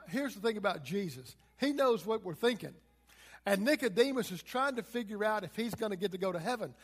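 High-voiced preacher in a reverberant hall. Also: male voice. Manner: expository preaching, retells scripture in plain everyday words. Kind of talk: sermon.

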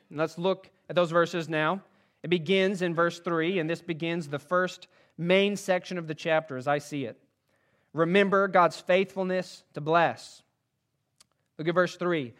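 Emphatic preacher, a man with a high voice. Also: steady tone, moderate pace, fairly bright tone. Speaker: pastor. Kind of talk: sermon.

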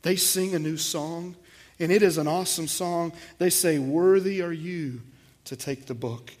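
Male pastor, slightly high-pitched, emphatic sermon delivery. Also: a little slow, a little mellow. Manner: emphatic preaching with swells in volume, repeats words.

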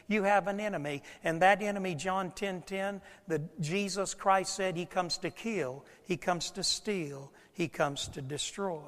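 A man preaching a sermon as pastor, moving from hushed storytelling to shouted passages. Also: on the high side, long reverb tail.

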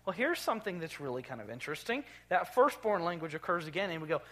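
A man preaching a sermon as pastor, emphatic, dropping low and then rising loud. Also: big pitch swings, fast, few pauses. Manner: emphatic, swings from quiet to loud. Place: church sanctuary.

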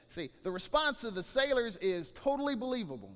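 Animated high-voiced pastor preaching. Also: male voice, a little fast, hardly any pauses, long reverb tail. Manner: animated, repeats words, acts out scenes. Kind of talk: sermon.

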